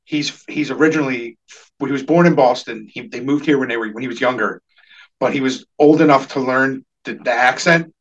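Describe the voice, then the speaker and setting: A young man co-hosting a podcast, excitable and profane, telling stories between bursts of laughter. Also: medium pitch, a little fast, highs cut off. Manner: excitable, swearing, laughing storyteller. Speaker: podcast co-host. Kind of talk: casual chat.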